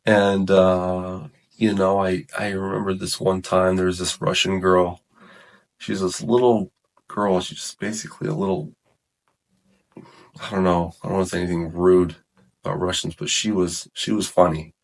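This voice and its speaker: A man with a very low voice tells his story of coming to faith in relaxed, conversational talk. He rambles, corrects himself mid-sentence and peppers his speech with "like" and "man". It sounds like an unscripted chat with a listener. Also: normal speed. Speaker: guest sharing his testimony. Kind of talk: casual testimony chat.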